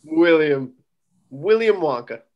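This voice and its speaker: A man playing a young, exceedingly polite chocolatier with a London accent. His voice is somewhat high, and his manner is dry and formal. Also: expressive, slow pace, dull audio. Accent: London English. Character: young male chocolatier, overly polite gentleman. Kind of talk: comedic table read.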